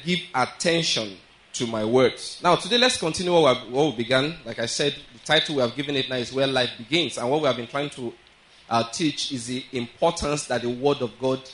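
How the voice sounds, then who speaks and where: A man preaching a sermon as pastor. He reads scripture aloud slowly and keeps checking in with his listeners. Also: mid-range voice, fairly bright tone, rough recording.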